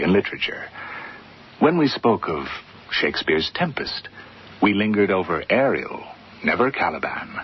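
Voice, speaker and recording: A male actor with a deep, slightly rough voice fully inhabits the role of a refined, reflective young gentleman narrator in a 1950s-style BBC radio play. His delivery is polished and lyrical with a hint of teasing, heard through a dull, lo-fi radio recording with faint hiss.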